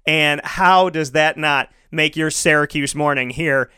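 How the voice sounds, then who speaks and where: A man's voice: a little high, clean tone, no echo, clean studio sound. Hyped-up male sports radio host. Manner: excitable, rapid-fire, hyped-up. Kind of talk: energetic sports talk radio.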